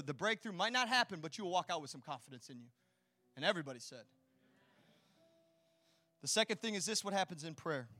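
A man preaching a sermon as pastor, swinging between hushed, intimate lines and loud, rousing ones, with chatty asides and rhetorical questions. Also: high-pitched, dry recording, studio quality.

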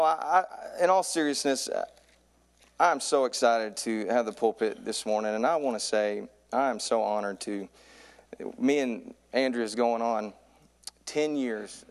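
A man in his thirties preaching a sermon from a church pulpit, telling a comic story and getting louder and higher as it builds. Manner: animated storyteller, voice climbs high in excitement. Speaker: youth pastor preaching.

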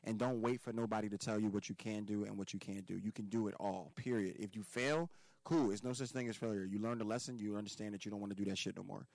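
A man's voice: lowish voice, fairly even intonation, quick pace, vocal fry, a little mellow, no echo, poor audio. A man from Philadelphia, a podcast guest giving life advice in casual conversation, emphatic and profane, hammering points home by repeating words.

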